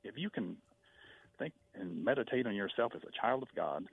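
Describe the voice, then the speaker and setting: A man calling in to a radio show, friendly and rambling with pauses. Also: lowish voice, animated, creaky, slightly rough. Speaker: caller. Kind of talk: phone-in chat. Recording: tinny phone line.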